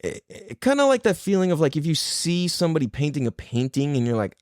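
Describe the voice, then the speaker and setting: A man's voice: on the high side, fast talker, darkish tone, no room sound, clean studio sound. A man hosting a podcast, retelling an experience in a casual, profane monologue and laughing often. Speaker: podcast host.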